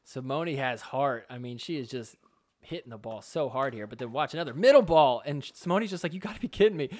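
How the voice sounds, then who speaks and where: A man's voice: mid-range voice, brisk. A man hosting a sports podcast, talking casually over match footage and acting out the players' reactions. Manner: chatty, animated, playing out players' reactions. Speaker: podcast host. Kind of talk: casual video commentary.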